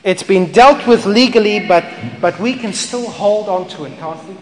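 A man preaching a sermon, impassioned, swinging between loud and hushed lines. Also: sits high, moderate pace. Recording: echoey hall with noise.

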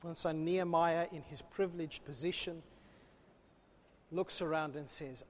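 A man preaching a sermon, swinging between loud, fervent calls and hushed, low asides. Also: fairly even intonation, unhurried, pauses often, a little hiss or hum. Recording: long hall reverb.

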